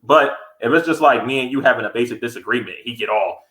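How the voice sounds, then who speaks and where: A man co-hosting a podcast in casual chat, blunt and animated, acting out heated quotes. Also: medium pitch, quick pace, echoey room, low-quality recording. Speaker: podcast co-host.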